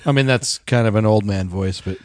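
A man co-hosting a podcast in casual chat, rambling, cutting himself off and giggling. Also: fairly low pitch. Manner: rambling, self-interrupting, giggly. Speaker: podcast co-host.

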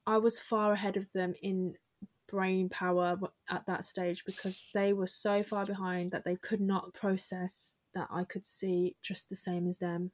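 Animated young woman co-hosting a podcast. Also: mid-range voice, no room sound. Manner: animated, quick, acts out quoted remarks. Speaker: podcast co-host. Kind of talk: casual conversation.

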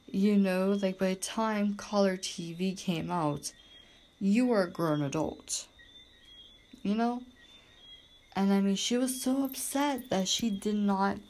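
A woman's voice: medium pitch, takes it slowly, long pauses, darkish tone, slight background noise. A woman from Bermuda, hosting a podcast in a rambling, emphatic casual monologue. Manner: rambling and emphatic, heavy use of "like" and "literally". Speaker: podcast host.

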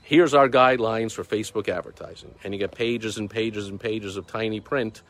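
Man, lowish voice, outdoor self-recorded monologue, emphatic, sarcastic, casual host. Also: normal speed, a bit bright, no echo. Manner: emphatic, sarcastic, repeats words for stress. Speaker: business video host. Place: outdoors in the mountains, breeze. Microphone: phone or camera recording himself.

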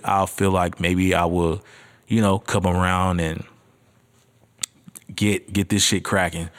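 A man hosting his first solo podcast, nervous, rambling and profane, talking straight to his listeners in slangy casual chat. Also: low voice. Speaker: podcast host.

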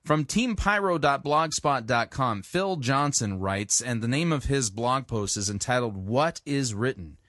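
A man's voice: lively intonation, a little slow, few pauses, fairly bright tone, no room sound, studio quality. A man hosting a podcast, delivering a sarcastic monologue styled like an infomercial, emphatic and list-driven. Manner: mock sales-pitch delivery, emphatic lists. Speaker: podcast host.

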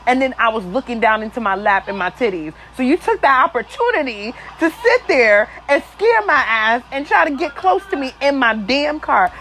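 A woman hosting a podcast, telling a story in a casual, animated and crude way, with plenty of swearing. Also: high voice, moderate pace, hardly any pauses, a little hiss or hum, low-quality recording. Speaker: podcast host.

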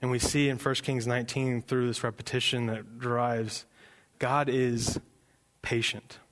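A man's voice: mid-range voice, flat delivery, measured pace, a bit bright. A man preaching a sermon as a pastor, speaking in an earnest, conversational way. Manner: earnest and conversational, switches into acted quotes.

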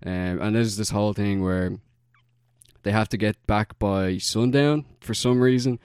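A young man in a loose podcast chat, his voice sitting low and recorded dry and close. He rambles through a story, stacking fillers and breaking into laughs. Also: fairly even intonation, unhurried, a little mellow, smooth, no room sound. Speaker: podcast co-host. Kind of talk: casual chat.

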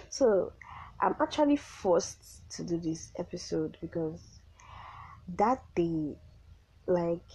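A woman's voice: fairly low pitch, warm tone, a little hiss or hum, poor audio. A young woman who is sick, hosting her own podcast in a chatty, rambling way with exasperated asides. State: sick, voice affected. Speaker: podcast host. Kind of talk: casual solo podcast chat.

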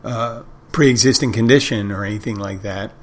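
A man's voice: on the low side, moderate pace. Rambling, wry middle-aged male podcast host. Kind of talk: casual monologue.

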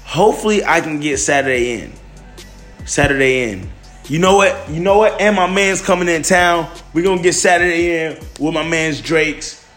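A man's voice: on the high side, normal speed, a bit bright. A man hosting a solo podcast, talking loosely with lots of restarts and fillers. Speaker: podcast host. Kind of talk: casual solo podcast monologue. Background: faint music.

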